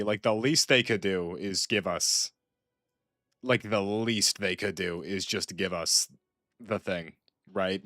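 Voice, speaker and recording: Young male streamer, low voice, dry close mic, rambly casual chatter. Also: a bit bright, no room sound. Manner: rambling, full of "like" and restarts. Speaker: gaming streamer. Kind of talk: casual gaming chat.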